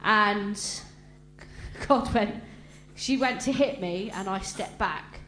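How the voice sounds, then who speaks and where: An earnest woman shares a personal testimony before a congregation, speaking slowly and deliberately. Her delivery is halting, with restarts, and her voice breaks with emotion at times. The sound is roomy, with a faint hum underneath. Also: medium pitch, a bit bright.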